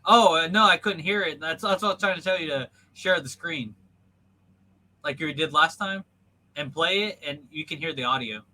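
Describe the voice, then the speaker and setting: A man's voice: fairly high pitch, normal speed, pushed and bright, poor audio. A man hosting a podcast over a video call, telling a story in a rambling way full of ums and likes. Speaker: podcast host. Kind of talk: casual storytelling chat.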